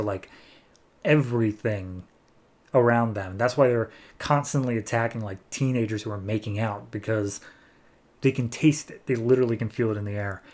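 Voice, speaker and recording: A man's voice: mid-range voice, darkish tone. Rambling man recapping a comic. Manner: rambling storytelling with many fillers. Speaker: podcast host. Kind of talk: casual comic book recap.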